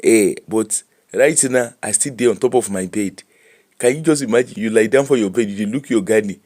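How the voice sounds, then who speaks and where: Man, nigerian pidgin accent, middle-aged, casual live-stream chat, animated, mixes pidgin and english. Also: on the low side, a little fast. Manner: animated, laughing, switching between Pidgin and English. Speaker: host.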